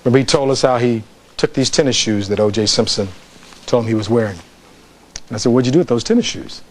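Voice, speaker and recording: A man's voice: mid-range voice, fast talker. Man arguing a case before a jury. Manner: reads testimony aloud, rhetorical questions to the jury. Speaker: defense attorney. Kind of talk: closing argument to a jury. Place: courtroom.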